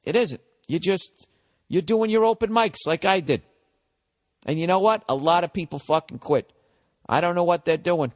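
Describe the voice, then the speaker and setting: A man in his forties with a Boston accent rambles through podcast advice as a comedian host. He is profane and blunt, mock-harsh one moment and encouraging the next. His voice sits fairly high and carries a long reverb tail. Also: moderate pace. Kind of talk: rambling comic advice monologue.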